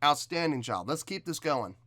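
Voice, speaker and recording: A man's voice: fairly high pitch, animated, moderate pace, noisy background. A man hosting a music reaction video, explaining vocal technique in analytical commentary and sometimes scatting rhythms to show his point.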